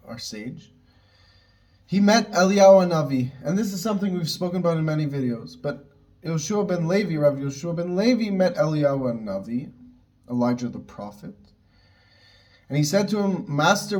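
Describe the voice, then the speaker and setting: Male Torah teacher, slightly high voice, earnest and fervent, frequent restarts. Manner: earnest, rising excitement with many restarts. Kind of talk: spoken Torah lesson.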